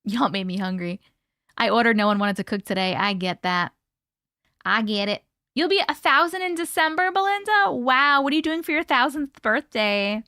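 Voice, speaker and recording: A woman's voice: a little high, expressive, moderate pace, pushed and bright, dry recording, studio quality. A woman hosting a casual live stream, chatting and laughing while she reads out viewer comments and greets them by name. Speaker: livestream host.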